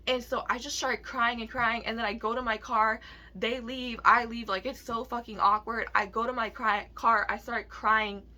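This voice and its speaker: A woman's voice: a little high, flat delivery, normal speed, pushed and bright. A young woman telling a personal story in a rambling, profane vlog rant full of "like". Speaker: vlogger.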